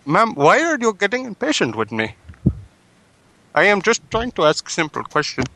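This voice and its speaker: Man playing an indignant Indian-accented customer on a prank call, pleading and stiffly formal, pitched a bit high. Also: very animated, normal speed, bright, forceful tone, no room sound, exaggerated voice. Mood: offended, indignant. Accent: Indian, put on. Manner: plaintive, insistent, stiff formal phrasing.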